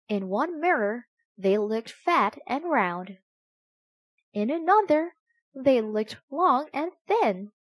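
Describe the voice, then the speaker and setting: A woman reading a children's story aloud, slow and expressive in a sing-song way. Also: sits high, dry recording. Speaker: storybook reader.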